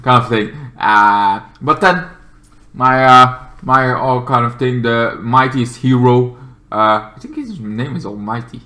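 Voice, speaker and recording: A man's voice: mid-range voice, lively intonation, unhurried, sharp tone. A man reviewing a show in casual chat, rambling with lots of fillers. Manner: rambling, full of fillers and restarts.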